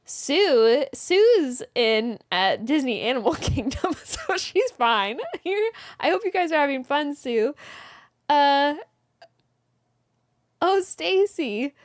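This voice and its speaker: Chatting live from a small closet indoors, the high-voiced host of a yarn-shop stream reads viewer comments aloud, says hello to people by name and gives short laughs. She speaks slowly, with big swings in pitch.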